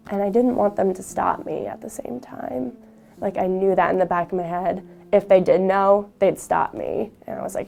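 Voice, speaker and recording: Young woman telling her story, halting w lots of fillers, gravelly, dark mellow tone, faint music behind. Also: medium pitch, steady tone. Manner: halting, frequent fillers and restarts. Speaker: university student sharing her story. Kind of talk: personal testimony interview.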